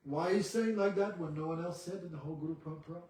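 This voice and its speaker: Guy giving a devotional class, slightly high voice, mic kinda far, roomy echo, faint music behind. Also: a little mellow. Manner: rhetorical questions, pauses for "no?". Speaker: spiritual teacher. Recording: echoey room, voice from afar, faint music.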